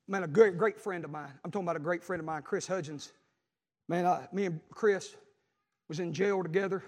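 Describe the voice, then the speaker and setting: A preacher in his forties with a high voice, delivering a sermon to his congregation. He swings from loud calls to near-whispers, and his words ring out through a reverberant church hall. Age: 40s. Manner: preaching with call-and-response, swinging from loud to hushed. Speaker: pastor.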